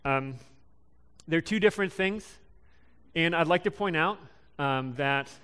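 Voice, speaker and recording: Young man, sermon, halting with fillers, smooth resonant voice. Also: on the high side, bright, forceful tone. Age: young adult. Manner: casual, halting delivery with many ums and restarts. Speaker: preacher.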